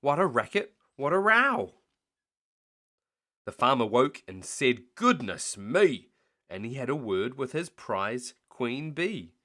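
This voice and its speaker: A man's voice: mid-range voice, a bit bright. A man reading a rhyming bedtime story aloud in a playful sing-song way, putting on animal noises.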